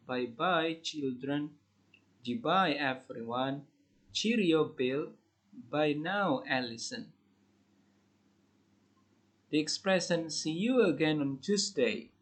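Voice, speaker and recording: A man with an Indonesian accent reads out classroom English phrases one by one for a lesson. His voice sits a little high for a man. He takes his time and leaves clear gaps between each phrase. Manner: slow, deliberate list-reading. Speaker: English teacher. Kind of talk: reading classroom phrases aloud.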